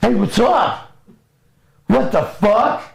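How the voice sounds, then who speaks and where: A man's voice: high voice, animated, takes it slowly, creaky, pitched above the performer's own voice, heavily acted. A man voicing an overexcited, needy pet dog that yelps in frantic joy. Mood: startled. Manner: frantic, yelping, overjoyed.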